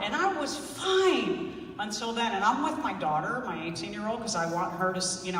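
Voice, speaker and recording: A woman's voice: fairly high pitch, fairly bright tone. A woman therapist giving a heartfelt, emotional conference talk, laughing and weeping openly as she speaks. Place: large conference hall. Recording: echoey hall, voice from far off.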